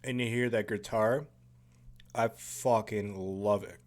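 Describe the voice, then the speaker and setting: A man giving casual, profane commentary over a horror film, excitable and full of jokey asides. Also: fairly low pitch, takes it slowly. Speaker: movie commentary host.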